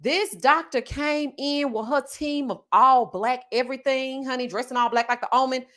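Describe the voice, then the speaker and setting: A young woman from Houston, Texas, who hosts a commentary channel, tells a personal story in a storytelling chat. Her voice sits high and fairly bright at a moderate pace, and she's sassy and dramatic, acting out the voices of the people she quotes.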